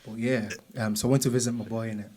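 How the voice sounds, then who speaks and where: A man telling an animated story on a casual podcast, acting out the people in it and laughing often. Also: fairly low pitch, very fast, background noise. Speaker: podcast co-host.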